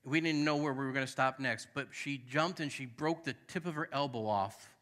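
A man's voice: mid-range voice, a little fast, a bit bright. A male pastor from New England preaching a sermon in a church, speaking emphatically and conversationally, calling out to the congregation and telling personal stories with candid asides. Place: church sanctuary.

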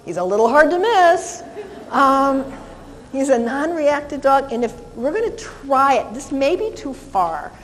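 A woman's voice: sits high, sing-song, unhurried, big-room sound, rough recording. A woman dog trainer teaching a live seminar, cheerful as she demonstrates with a dog and coos to it sweetly.

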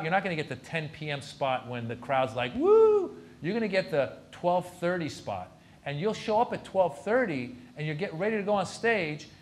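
During a university lecture's Q&A, a guest comedian with a somewhat high voice recounts anecdotes, impersonating the people in them. Some slight background noise can be heard.

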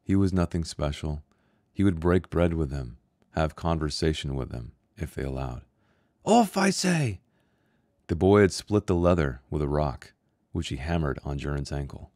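A man who is an author reading his own short story aloud in a measured, somber way. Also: very deep voice, darkish tone, dry recording, studio quality. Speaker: author and host.

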